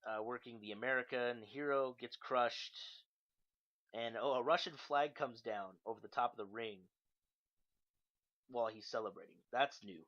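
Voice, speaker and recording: This young podcast host talks through wrestling recaps at a moderate pace, his mid-range voice a little bright. He's casual and profane, full of ums and uhs, and the lo-fi mic gives a dull sound.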